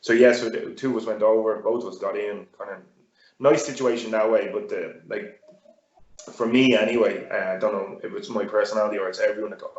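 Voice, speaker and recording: A man's voice: fairly low pitch, fairly even intonation, brisk. An Irish man chatting casually as an interview guest, rambling with many fillers and restarts. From Ireland. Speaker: guest fighter and gym owner. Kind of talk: casual chat. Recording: roomy, dull-sounding audio.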